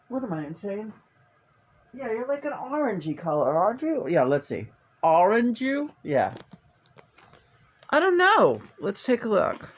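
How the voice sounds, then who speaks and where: Playful, slightly high-voiced man rambling. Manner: playful, hesitant, breaks into meowing sing-song. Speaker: tarot reader. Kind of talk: casual rambling chat.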